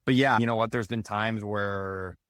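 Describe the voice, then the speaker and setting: Chatty low-voiced man, very dry sound. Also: fairly even intonation, normal speed, a bit bright, smooth, no echo. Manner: loose and chatty, leans on "like" and "right?" fillers. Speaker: podcast guest, youth baseball coach. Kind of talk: casual conversational interview.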